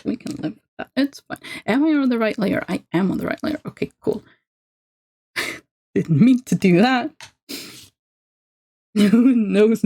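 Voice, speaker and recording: A woman's voice: fairly high pitch, darkish tone. A young woman livestreaming, chatting casually and self-deprecatingly while she draws, laughing often. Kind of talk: casual chat while drawing.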